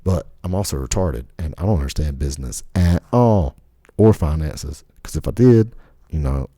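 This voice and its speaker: Low-voiced man ranting crudely. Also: lively intonation, normal speed, dark tone, breathy edge, no echo, clean studio sound. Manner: rambling, crude, swears constantly. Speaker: podcast host. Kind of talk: casual profane rant.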